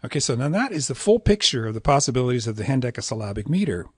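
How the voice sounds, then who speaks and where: A middle-aged man lecturing on poetic meter, reciting verse lines and tapping out syllable rhythms in a relaxed, conversational way. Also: mid-range voice, very fast, husky, dry recording, studio quality. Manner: relaxed, conversational asides with fillers.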